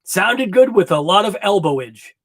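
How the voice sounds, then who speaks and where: High-voiced, excitable hobby show host. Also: male voice, normal speed, creaky. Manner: excited, rambling and laughing often. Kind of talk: casual live-stream chat with viewers. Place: home garage workshop.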